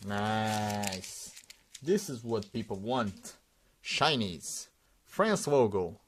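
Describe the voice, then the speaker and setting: A man's voice: lowish voice, animated, drawn-out words, slight background noise. Casual man narrating a sticker unboxing. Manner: rambling, reads out names one after another with frequent uh fillers.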